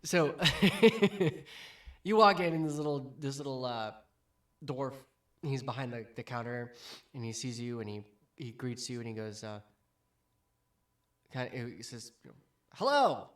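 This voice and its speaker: A man narrating a tabletop game as game master, hesitant and filling pauses as he describes scenes. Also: medium pitch, fairly even intonation. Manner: hesitant, many ums and restarts.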